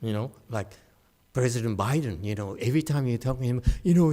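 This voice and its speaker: A man's voice: medium pitch, a little fast, vocal fry, mellow. A man teaching a meditation class in a humorous dharma talk, teasing his listeners and asking them to agree. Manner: teasing, joking, asks the audience for agreement.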